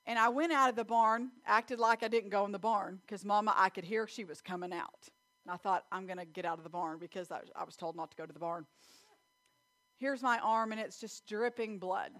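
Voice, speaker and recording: A middle-aged woman preaching a sermon, telling a childhood story in quick, animated bursts. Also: mid-range voice.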